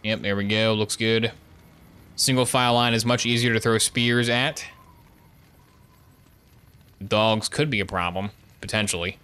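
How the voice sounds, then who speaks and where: A man's voice: on the low side, fairly even intonation, measured pace, pauses often, pushed and bright, clear, resonant tone. A man streaming a game live, joking and bantering with the characters as he plays. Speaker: gaming streamer. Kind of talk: live gameplay commentary.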